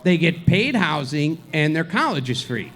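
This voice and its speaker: A man's voice: on the high side, sing-song, normal speed, a bit bright. A man co-hosting a live show, telling a rambling story with crude jokes and lots of restarts. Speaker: co-host. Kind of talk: casual live show banter. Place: live event venue.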